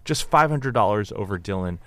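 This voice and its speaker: A man co-hosting a podcast, walking through game scores and stats in a measured casual chat. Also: on the low side, animated, a bit bright, no echo. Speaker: podcast co-host.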